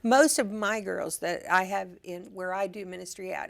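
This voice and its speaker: A woman's voice: on the low side, moderate pace, creaky, hardly any pauses. A woman who leads a street and jail ministry, talking earnestly as a guest on a talk show, often restarting her sentences and laughing easily. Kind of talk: casual talk-show chat.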